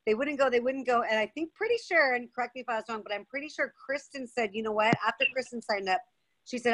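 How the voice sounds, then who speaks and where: A woman's voice: fairly high pitch, fast talker, fairly bright tone, no room sound. A woman on a video call telling an enthusiastic story to her team. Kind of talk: excited sharing on a video call. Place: outdoors with weak signal.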